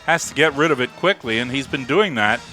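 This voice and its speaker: A man calling live football play-by-play, rising to excited calls on big plays. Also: mid-range voice, fairly quick, faint music behind. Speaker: play-by-play announcer.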